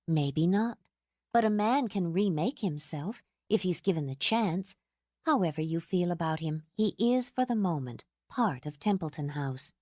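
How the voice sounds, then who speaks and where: A woman voicing an exhausted, gentle young mother who speaks in a calm, earnest way. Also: on the low side, a little slow, no echo, studio quality. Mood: tired.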